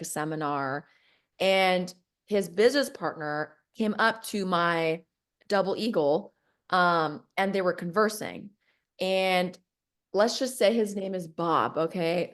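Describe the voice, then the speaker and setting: A woman casually telling a personal story on a podcast, full of likes and whatevers, jumping up in pitch whenever she quotes someone. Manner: animated, acts out quoted voices with big pitch jumps; filler-heavy, says like and whatever often.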